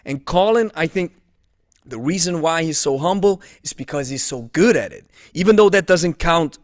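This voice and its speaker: A man hosting a casual podcast chat, enthusiastic and affirming, quick to cheer his guest on. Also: fairly high pitch, lively intonation, no echo, clean studio sound. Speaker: podcast host.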